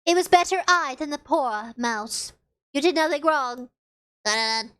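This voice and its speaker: A woman's voice: sits high, expressive, moderate pace, pushed and bright. A young woman streaming a horror game, reading its text aloud with playful commentary and dramatic sound effects.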